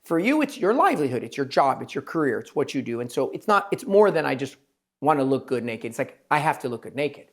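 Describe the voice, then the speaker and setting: Surgeon guy hosting a podcast, emphatic and rambly, medium-pitched voice. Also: very animated. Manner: rambling, emphatic, quotes patients in quick asides. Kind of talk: casual interview chat.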